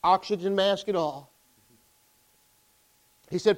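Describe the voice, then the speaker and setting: A pastor from Arkansas, preaching a sermon and telling a story with impassioned, emphatic bursts. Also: male voice, high-pitched, steady tone, fast, clean tone, rough recording.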